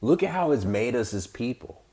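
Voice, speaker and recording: A man's voice: medium pitch, sing-song, moderate pace, mellow. A man hosting a podcast, giving heated, profane, rambling political commentary with mocking quoted voices. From United States. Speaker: podcast host.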